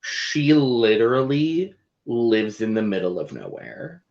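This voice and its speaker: A man co-hosting a casual recap show, chatty and animated, with playful asides. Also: medium pitch, slow pace, creaky, crowd noise. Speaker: podcast co-host. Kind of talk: casual chat. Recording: dull lo-fi audio.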